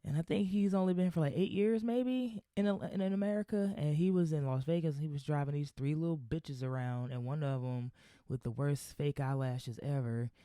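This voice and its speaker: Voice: mid-range voice, steady tone, normal speed, mellow, dry recording, clean studio sound. A podcast host giving solo commentary in a heated, profane, rambling rant. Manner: loose, rambling with restarts.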